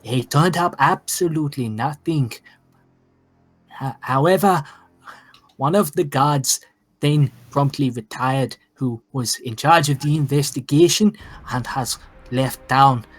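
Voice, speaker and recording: A man's voice: mid-range voice, slow pace. A man voicing a nervous, frantic male tavern keeper who stammers and hesitates.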